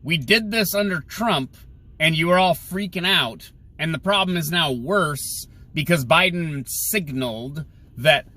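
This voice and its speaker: A male podcast host giving sarcastic, opinionated solo commentary while he drives, mocking others in shrill put-on voices. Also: lively intonation, unhurried, pushed and bright, low-quality recording. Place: in a car. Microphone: phone or camera mounted in the car. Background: faint car and road noise.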